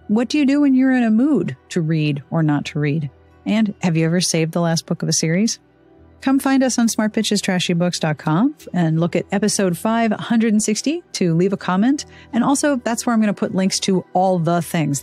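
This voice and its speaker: A woman hosting a podcast, talking casually and emphatically about books and reading. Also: medium pitch. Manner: emphatic, animated storytelling. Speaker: podcast host. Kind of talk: casual chat.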